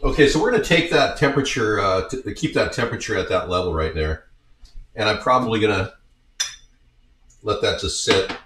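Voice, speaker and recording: A man cooking in a home kitchen, rambling through each step and dropping in joking asides. His voice sits fairly low but swings around a lot in pitch. He sounds echoey and some way off from the mic. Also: expressive, brisk, pauses often, fairly bright tone, recorded from a distance, slight background noise. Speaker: home cook showing a recipe. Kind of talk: casual cooking demonstration.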